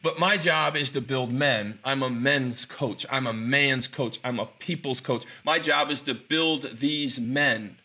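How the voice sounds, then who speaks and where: A man voicing his father, a calm and firm coach, in a lower, slower, deliberate tone.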